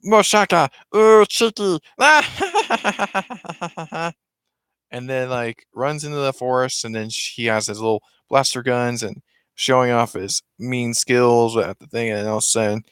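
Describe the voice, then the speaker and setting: A man's voice: mid-range voice, clean tone, no room sound, studio quality. A man casually retelling a film's story, rambling with many restarts and self-corrections. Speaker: vlogger.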